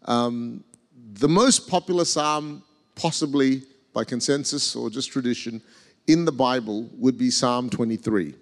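A man's voice: mid-range voice, unhurried. A man preaching a sermon as guest speaker, emphatic and leading the congregation in call and response. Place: large church hall with balcony. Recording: long church-hall reverb.

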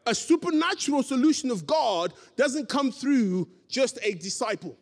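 A man's voice: very high voice, lively intonation, normal speed. A man preaching a sermon, telling a story and acting out the dialogue with emphatic delivery. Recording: long hall reverb.

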